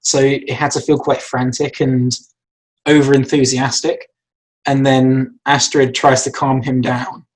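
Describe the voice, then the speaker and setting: A man's voice: mid-range voice, flat delivery, unhurried, husky, poor audio. A man, an animator, explaining his acting choices for a shot in a casual, rambling way with many fillers and restarts. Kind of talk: casual lesson talk.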